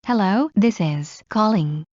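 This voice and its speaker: A woman reading common English phrases aloud one by one in a clear, measured way, as in a language lesson. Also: mid-range voice, animated, a little mellow, dry recording. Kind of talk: slow read-aloud phrase drills. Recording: dull lo-fi recording.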